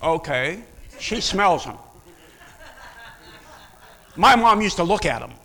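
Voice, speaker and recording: A male pastor preaches with a high, bright voice, talking conversationally and putting questions to his listeners. The words ring out with the long reverb of a church sanctuary. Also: takes it slowly, breathy edge. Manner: animated, conversational, asks the audience questions. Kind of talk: sermon. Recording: long reverb of a large hall.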